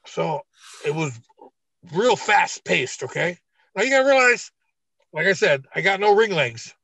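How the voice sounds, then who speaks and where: A middle-aged man, a retired wrestler, telling a story in a blunt, profane, animated way on an interview podcast. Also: high-pitched, unhurried, gravelly, no room sound. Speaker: retired pro wrestler guest. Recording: dull, dry lo-fi recording.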